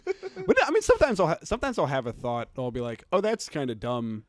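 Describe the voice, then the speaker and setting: Lively, giggly man on a podcast. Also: on the high side, fast, dry recording. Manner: animated, giggly storyteller with lots of filler words. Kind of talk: casual podcast chat.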